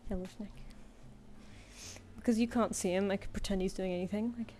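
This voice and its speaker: A woman's voice: mid-range voice, steady tone, brisk, dark tone, slight background noise. A British woman chatting casually on a live stream at home, cooing at her cat and giving it commands between comments. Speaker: artist streamer. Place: home room.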